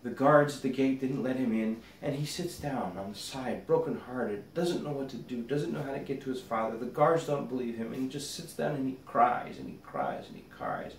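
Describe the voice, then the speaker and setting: A man, a rabbi, teaching a meditation by gently telling a parable. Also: mid-range voice, fairly quick, hardly any pauses. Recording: roomy echo, distant mic, faint noise.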